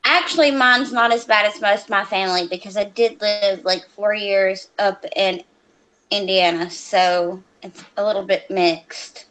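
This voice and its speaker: A woman from Alabama with a Southern accent, chatting as a guest over her cell phone, quick and easygoing. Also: medium pitch, a bit bright, poor audio. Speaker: panel guest. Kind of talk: casual chat.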